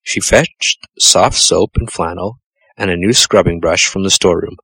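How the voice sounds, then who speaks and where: A man narrating a children's storybook in a measured, gentle storytelling manner. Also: deep voice, gravelly, slightly rough, no echo, rough recording. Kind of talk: storybook reading.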